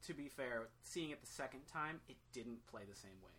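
A man's voice: medium pitch, lively intonation, moderate pace, bright, forceful tone, slight background noise. A man on a movie podcast panel, giving his view hesitantly, with many restarts and some self-deprecating humor. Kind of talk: casual movie discussion.

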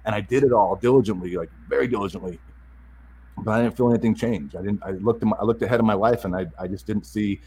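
A man candidly telling a personal story, halting and repeating words as he restarts his sentences. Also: lowish voice, mellow, a little hiss or hum, poor audio.

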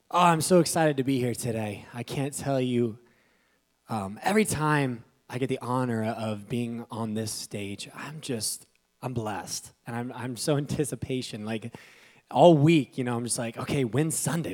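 A young man preaching on a church stage, talking casually and with feeling. He swings from soft, tender moments to sudden loud, fired-up bursts, at a middle pitch. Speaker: pastor. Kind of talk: sermon.

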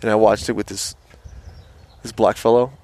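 A man's voice: fairly low pitch, flat delivery, mellow. A young man co-hosting a loose, casual podcast outdoors, telling stories with plenty of swearing. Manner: storytelling, swearing, slow drawn-out delivery. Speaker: podcast co-host. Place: outdoors in the woods.

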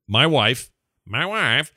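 A man hosts a relaxed podcast chat, curious and quick to laugh. His voice is bright and forward. It sounds dry and close to the mic. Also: mid-range voice, husky, no room sound. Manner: easygoing, laughs often, asks questions. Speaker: podcast host. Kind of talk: casual chat.

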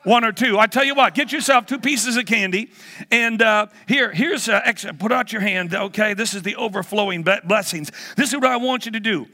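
A man's voice: sits high, a little fast, bright, forceful tone. A man in his sixties, a guest preacher leading a playful children's talk in a church, teasing the audience like a game-show host. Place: church hall.

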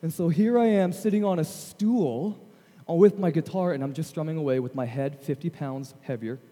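A man in his thirties, a guest chapel speaker, telling self-deprecating stories in a lively, animated way. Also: on the high side, normal speed. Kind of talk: storytelling chapel sermon. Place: large chapel hall. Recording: long hall reverb.

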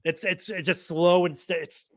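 A man hosts a casual podcast in a rambling way, full of fillers and restarts. His voice sits a bit high for a man. The recording is close and dry, with no room sound. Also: fairly even intonation, normal speed, no room sound. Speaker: podcast host.

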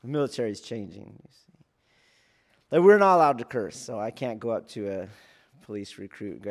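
A man, a police academy instructor, explaining training in a casual teaching talk, checking in often with his listeners and acting out loud shouts. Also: lowish voice, fairly quick. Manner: keeps checking in with "do you see?"; acts out trainees and yelling officers in sudden loud bursts.

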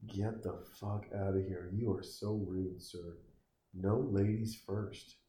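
Speaking slowly in a steady, dark, low voice, this man mocks a film as he watches it. His commentary is profane and sarcastic, full of jabs aimed at the screen, and the room around him echoes.

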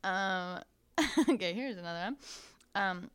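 A woman's voice: mid-range voice, expressive, a little slow, a bit bright, smooth. A woman hosting a podcast in casual chat, reading listener stories aloud with frequent giggles and frank, crude humor. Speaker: podcast host.

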